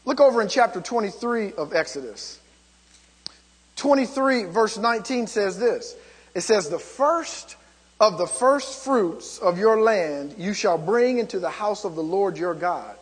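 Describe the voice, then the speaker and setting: A man preaching with a high, lively voice that swoops up and down as he presses his points. His tone is slightly husky, and his words carry a long reverb from a church sanctuary. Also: measured pace. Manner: emphatic preaching with many calls of "come on". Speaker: pastor. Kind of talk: sermon.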